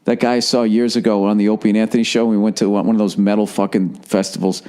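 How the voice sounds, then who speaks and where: A man in his fifties with a Boston accent, hosting a podcast in casual, profane and animated chat. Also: on the low side, quick pace. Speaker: podcast host.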